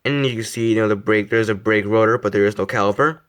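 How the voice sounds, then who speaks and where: A man's voice: on the low side, fast talker. Rambling teenage boy reviewing a model car. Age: teens. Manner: rambling, self-deprecating, many fillers and restarts. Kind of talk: casual review vlog.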